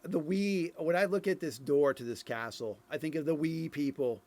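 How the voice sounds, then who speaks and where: Middle-aged man, fairly high voice, rambling casual game commentary at a desk mic. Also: moderate pace, hardly any pauses, a little mellow, dry recording. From Ireland. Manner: rambling, thinks aloud with fillers and restarts. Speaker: streamer reviewing game dev footage.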